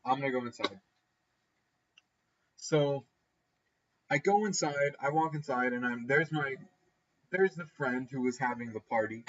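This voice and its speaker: A man's voice: measured pace, highs cut off, a little hiss or hum. A man telling a casual story over gameplay, acting out the people he quotes with sudden jumps in his voice. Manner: animated, acts out quoted people with pitch jumps. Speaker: gaming storyteller.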